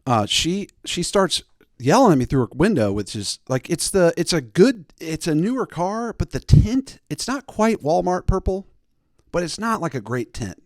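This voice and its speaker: A man's voice: high-pitched, sing-song, normal speed, no echo, clean studio sound. A man in his thirties hosting a show, telling a long comic story with many rambling asides. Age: 30s. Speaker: host. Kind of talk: comic monologue.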